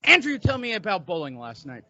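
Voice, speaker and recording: Middle-aged male host, a little high-pitched, loose joking banter, muffled dry recording. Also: huge pitch swings, brisk, pushed and bright, no echo. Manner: rambling, joking, laughs often. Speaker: podcast host. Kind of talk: casual chat.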